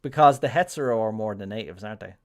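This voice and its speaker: An Irish man casually commenting on a game during a live stream, chatty and rambling, often pausing with ums. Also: fairly low pitch. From Ireland. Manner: chatty, rambling, thinking aloud with many ums.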